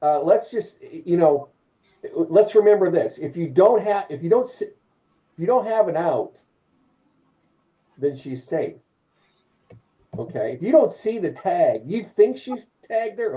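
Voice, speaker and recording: A man teaching umpires in a live training session, lively, often restarting phrases and acting out calls. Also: sits high, measured pace, poor audio. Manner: animated, acts out calls and quotes. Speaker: umpire clinic instructor.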